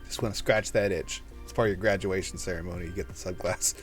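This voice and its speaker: A man's voice: low voice, fairly even intonation, fast talker, faint music behind. A man hosting a casual podcast chat about a tabletop game, joking, laughing often and swearing freely. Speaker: podcast host.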